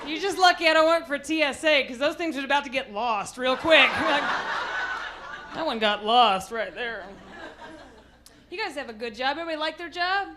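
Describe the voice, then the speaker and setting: A woman's voice: sits high, moderate pace, very noisy. A woman from Texas with a Texan accent doing a stand-up comedy set, brashly teasing the crowd. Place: event hall with a crowd.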